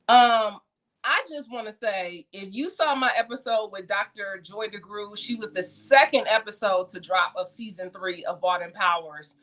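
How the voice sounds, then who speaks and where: Chatty woman host talking about books. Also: mid-range voice. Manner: chatty, animated, laughs often. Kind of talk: casual livestream chat.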